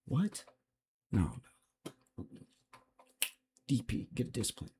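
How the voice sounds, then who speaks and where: A man's voice: medium pitch, huge pitch swings, slow, gravelly, mellow. A man hosting a livestream, giving unscripted commentary in a blunt, profane, rambling way. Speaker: livestream host.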